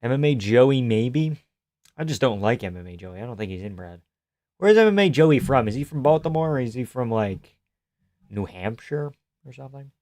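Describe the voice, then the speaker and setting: A man's voice: medium pitch, big pitch swings, normal speed, darkish tone, no room sound. Young man rambling on a dry stream. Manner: rambling, jokey, reads chat aloud. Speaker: live stream host. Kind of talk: casual live-stream commentary.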